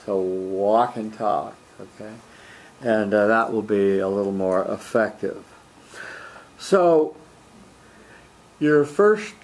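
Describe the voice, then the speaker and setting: A man who coaches debate, giving a student measured spoken feedback on a speech in a classroom, with frequent ums. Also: on the low side.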